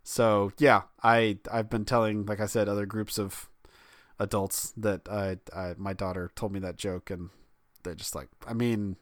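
Speaking unhurriedly in a lowish male voice, a podcast co-host and father shares family anecdotes, laughing frequently as a lively storyteller. It's a loose comedic chat, recorded dry with studio-grade sound.

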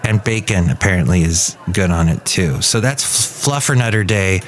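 A man's voice: sits low, expressive, moderate pace. A man hosting a podcast, chatting casually through the news and wandering off on tangents. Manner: rambling, tangent-prone, self-correcting. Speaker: podcast host.

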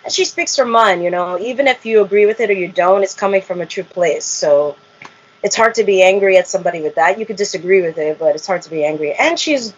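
A woman's voice: mid-range voice, animated, fast, husky. A woman, a reality show cast member, telling her story in an interview, acting out quotes and laughing often. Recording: muffled lo-fi audio.

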